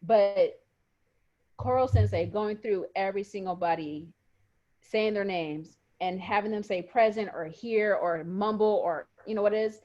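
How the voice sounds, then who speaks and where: A woman co-hosting a podcast in casual chat, telling things in an animated, emotional way over a video call. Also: mid-range voice, a little slow, muffled recording. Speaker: podcast co-host.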